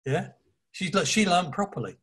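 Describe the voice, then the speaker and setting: Husky Cockney man, blunt storyteller. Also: sits high, normal speed. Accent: Cockney (East London). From England. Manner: blunt, animated storyteller who swears. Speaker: author guest. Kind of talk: casual interview chat.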